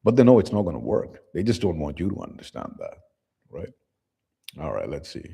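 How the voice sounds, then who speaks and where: A man's voice: low voice, sing-song, brisk, creaky, mellow, husky. A man hosting a casual commentary channel, reading posts aloud and reacting to them with blunt, profane, scornful remarks.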